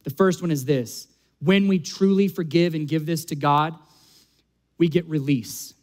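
A man's voice: fairly high pitch, a little slow, a little mellow. Earnest man preaching a sermon. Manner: earnest preaching, rising to emphatic peaks. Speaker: pastor.

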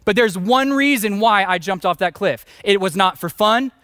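Male pastor, 40s, high-pitched, dry close-miked; emphatic self-mocking storyteller in the pulpit. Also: normal speed, fairly bright tone, no echo. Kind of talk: sermon.

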